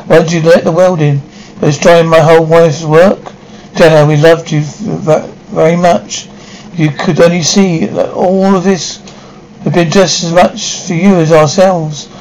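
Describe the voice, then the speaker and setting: A man's voice: on the high side, fairly even intonation, a little mellow, slight background noise, low-quality recording. A stern, formal father. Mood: pleading. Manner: measured, formal speech. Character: proud inventor father, patient but stern. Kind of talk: 1950s TV drama acting.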